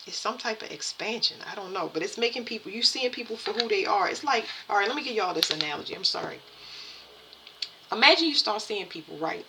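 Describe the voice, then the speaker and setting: A woman giving a spiritual card reading to her viewers, halting and repeating herself as she talks. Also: mid-range voice, expressive, noisy background. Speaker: tarot and energy reader.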